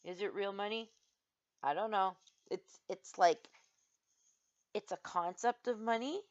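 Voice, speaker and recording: A woman's voice: mid-range voice, unhurried. Woman, vlogger, exasperated rant, casual, lo-fi sound. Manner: exasperated, animated storytelling with many "like"s. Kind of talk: casual ranting monologue. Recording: slightly dull lo-fi sound.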